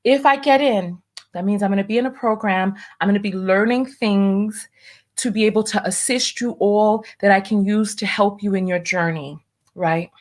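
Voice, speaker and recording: A woman's voice: mid-range voice, expressive, measured pace. A woman hosting a casual livestream, nervous and stalling, repeating herself as she reads viewer comments aloud. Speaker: livestream host.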